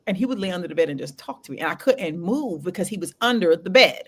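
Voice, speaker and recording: Animated, laughing woman podcast host. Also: fairly low pitch, quick pace, breathy edge. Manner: animated, laughing storyteller with casual slang. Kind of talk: candid podcast conversation.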